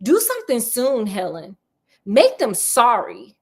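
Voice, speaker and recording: A woman's voice: on the high side, wildly swooping pitch, unhurried, darkish tone, exaggerated voice. A woman reading aloud, voicing a lonely, desperate young girl who pleads with a ghost. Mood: bitter pleading. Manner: pleading, breathy whisper.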